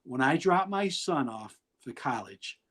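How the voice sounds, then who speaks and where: A middle-aged man on a video-call interview talks a little slowly in an animated, mid-range voice with a fairly bright tone, though the recording is low quality. He shares rambling, blunt stories candidly, laughing throughout.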